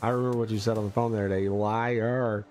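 A man's voice: fairly low pitch, little pitch movement, fast talker, a little mellow, soft background music. A man hosting a casual livestream, ranting and teasing a friend with exaggerated indignation. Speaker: livestream host.

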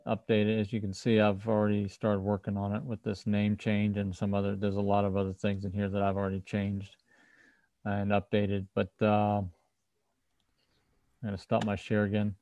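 A man with a fairly low voice hosts a casual tech livestream from a video call. The sound is dry and close. He explains step by step and often restarts his sentences mid-thought. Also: monotone, moderate pace, dark tone, dry recording, lo-fi sound. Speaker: host, firmware developer.

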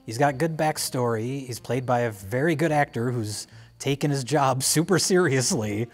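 A man's voice: medium pitch, normal speed, soft background music. A man co-hosting a film review show, giving dry, sardonic critiques in casual chat.

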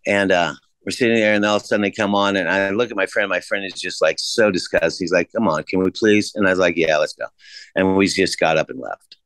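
A man telling a story as a podcast guest in a casual, laid-back way, swearing freely and jumping his pitch up to act out the voices of people he quotes. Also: steady tone, quick pace, fairly bright tone, no echo. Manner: acts out quoted voices with big pitch jumps.

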